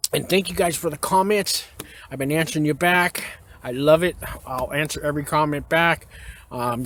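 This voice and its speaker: A man's voice: on the high side, a little hiss or hum. A man who served time in prison, casually telling his story to camera in a frank, rambling way, with many fillers and restarts. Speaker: former inmate giving prison advice.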